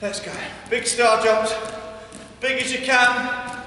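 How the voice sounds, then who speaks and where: A man's voice: extremely high pitch, little pitch movement, slow, pushed and bright, a little hiss or hum. A man with an English accent coaching a workout class, counting down reps and urging listeners on with energy, at times out of breath. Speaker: PE workout instructor. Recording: echoey hall, mic far off.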